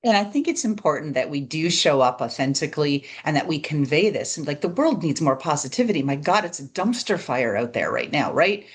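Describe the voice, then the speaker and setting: Low-voiced woman hosting a podcast. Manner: animated, quick asides with frequent "right?". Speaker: podcast host. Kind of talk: casual podcast chat.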